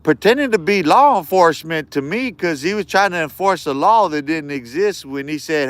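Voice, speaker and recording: Man, live streamer, heated street-slang rant, fairly high voice, dry close sound. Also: animated, normal speed, hardly any pauses, no room sound. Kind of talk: casual ranting monologue.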